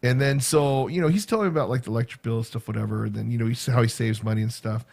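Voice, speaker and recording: A man in his fifties chats casually to his viewers in a middle-pitched voice. He rambles and circles back, repeating words and stacking fillers as the story unfolds. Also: racing, vocal fry, a little mellow. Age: 50s. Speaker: vlogger and school teacher. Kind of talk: casual chat.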